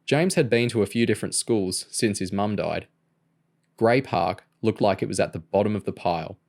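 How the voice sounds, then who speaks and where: Male audiobook narrator, lowish, steady and even. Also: moderate pace, vocal fry. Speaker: audiobook reader.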